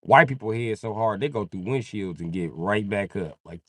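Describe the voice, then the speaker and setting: A man's voice: on the low side, moderate pace, few pauses, dry recording, clean studio sound. A young man riffing crudely on a live comedy stream, jumping into voices. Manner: crude, animated, jumps into voices.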